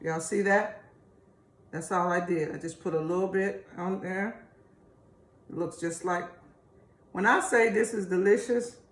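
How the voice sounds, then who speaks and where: A woman's voice: lowish voice, background noise. Woman hosting a home cooking vlog, chatty and homey, roomy kitchen sound with faint dish clatter. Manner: chatty, homey, addresses viewers as y'all. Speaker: cooking video host. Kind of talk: casual cooking demonstration. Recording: echoey kitchen room.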